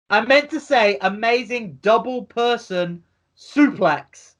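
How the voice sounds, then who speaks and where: A man co-hosting a wrestling review podcast, animated and reading out his own excited comments in casual chat. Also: very high-pitched, takes it slowly. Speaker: podcast co-host.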